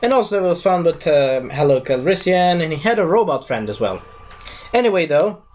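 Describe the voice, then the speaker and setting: A man's voice: fairly high pitch, sing-song, fairly quick, a little mellow, slight background noise. A man giving a casual spoken movie review, rambling, losing his thread and correcting himself as he goes.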